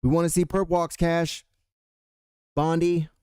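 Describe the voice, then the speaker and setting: Profane, ranting political host. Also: male voice, fairly high pitch, little pitch movement, unhurried, warm tone, clean tone, no room sound, studio quality. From California. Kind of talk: angry political rant.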